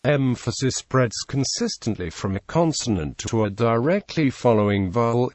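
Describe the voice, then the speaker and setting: A synthetic male voice reading an encyclopedia article aloud in an even, mechanical way, spelling out single letters. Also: mid-range voice, no room sound.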